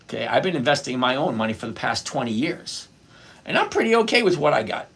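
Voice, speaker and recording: Husky chatty man on a trading livestream. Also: mid-range voice, big pitch swings, fast talker, a bit bright. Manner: chatty, greets viewers by name, answers questions. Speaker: livestream host reading chat. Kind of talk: casual live stock-trading chat.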